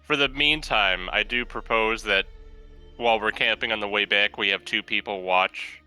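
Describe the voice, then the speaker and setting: A man's voice: fairly low pitch, fairly even intonation, moderate pace, pushed and bright, clean tone, soft background music, rough recording. A man in an online tabletop game, talking in a rambling way full of fillers. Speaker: player. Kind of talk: casual tabletop role-play over voice chat.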